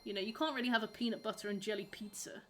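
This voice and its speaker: Racing along in a mid-range voice with fairly even intonation, a young woman gaming on a livestream rambles and reacts to viewer messages. A little hiss or hum is audible.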